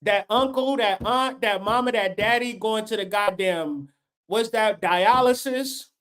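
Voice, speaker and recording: A man's voice: sits high, measured pace, a bit bright, clear, resonant tone. A man in his late thirties hosting a livestream, ranting in a profane, fired-up and preachy way. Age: late 30s. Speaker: livestream host. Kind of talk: unscripted livestream rant.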